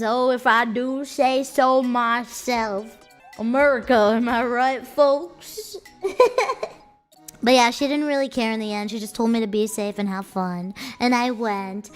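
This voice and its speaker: A young woman streamer chatting casually to her viewers, telling stories in a playful, chatty way. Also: on the high side. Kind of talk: casual chat.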